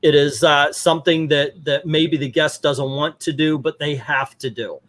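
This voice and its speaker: A middle-aged man tells a story in a casual chat, his voice sitting a little high. He acts out the lines of the people he talks about and keeps the story moving. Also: moderate pace. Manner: animated storyteller, acts out quotes. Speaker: podcast host.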